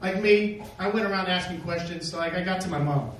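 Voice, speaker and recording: A man's voice: sits high, far from the mic. Man, stand-up comic, swears a lot, self-deprecating, echoey club, audience laughter. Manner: rambling, self-deprecating, swearing, with quick asides. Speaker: stand-up comedian. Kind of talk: stand-up comedy set. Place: comedy club stage. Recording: echoey club, heard from afar, noisy.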